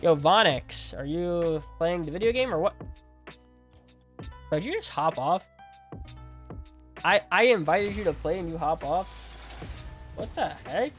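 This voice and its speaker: A man's voice: sits high, animated, measured pace, pauses often, a bit bright, soft background music. A young man talking casually to his stream chat while gaming, rambling with lots of "like" and repeated words. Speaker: game streamer.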